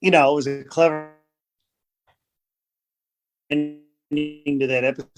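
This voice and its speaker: A man guesting on a podcast as a TV show writer and producer, explaining things in a measured way with little anecdotes, in casual chat. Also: on the high side, fairly even intonation, music in the background.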